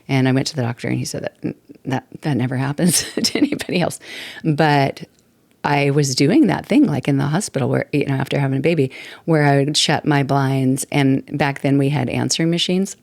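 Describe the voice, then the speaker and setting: Woman in her sixties, casual solo podcast talk, gravelly edge, dry close sound. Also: rumbling low, fairly quick, a little mellow, no echo. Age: 60s. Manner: chatty, rambling, laughs often. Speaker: podcast host. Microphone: desktop mic at computer.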